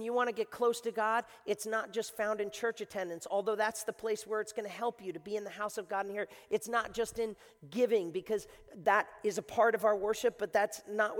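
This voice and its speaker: A man with a notably high voice delivers a sermon as pastor, swinging between hushed reflection and loud, urgent appeals. He often repeats words as he presses a point. His voice rings with the long reverb of a large church hall. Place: church sanctuary.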